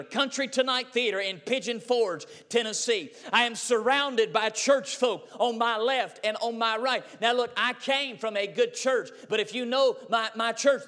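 A young man preaches a folksy, story-driven sermon, his voice pitched very high and ringing bright. It carries a long hall reverb, as if spoken in a large church sanctuary.

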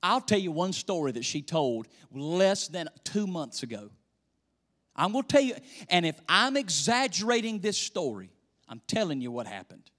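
A male pastor preaching a sermon in a church, swinging between loud emphasis and hushed near-whispers. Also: sits high, sing-song, moderate pace. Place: church sanctuary. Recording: echoey church hall reverb.

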